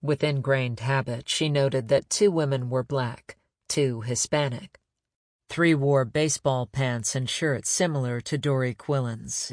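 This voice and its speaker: A man reading a crime novel aloud in measured, even narration. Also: mid-range voice, no echo, clean studio sound. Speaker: audiobook narrator.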